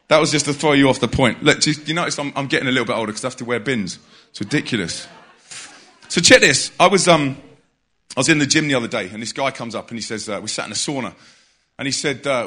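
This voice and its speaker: A man's voice: medium pitch, expressive, quick pace, bright, forceful tone. A man, preaching in a church in a jokey, conversational way and calling out to the congregation. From England. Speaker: visiting preacher. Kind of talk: lively church talk. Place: church hall.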